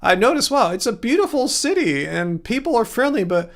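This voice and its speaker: A man with a high voice chats casually on a livestream, wandering from point to point. He is from California and laughs easily as he talks with viewers. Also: sing-song, a little fast, gravelly. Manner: rambling, chatty, laughs often, digresses. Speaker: livestream host. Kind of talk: casual livestream chat reading comments.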